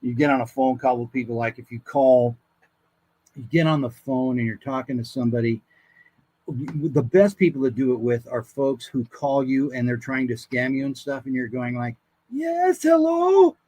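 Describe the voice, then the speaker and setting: A man's voice: mid-range voice, steady tone, moderate pace, dark tone, rough recording. A man guesting as a voice actor, chatting casually in a loose storytelling way. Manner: loose, storytelling, with fillers and restarts. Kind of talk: casual interview chat.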